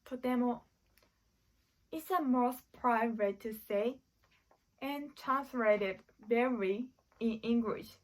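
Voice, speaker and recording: A woman with a Japanese accent teaches in a slow, careful voice, explaining each point step by step. Her voice sits a little high for a woman, and she lets every word land before going on. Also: low-quality recording. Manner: careful, deliberate explaining with example phrases.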